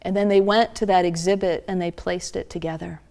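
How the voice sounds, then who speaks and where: A woman minister preaching a sermon, retelling a story earnestly and slowing down for emphasis. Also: on the low side, fairly even intonation, vocal fry, a little mellow.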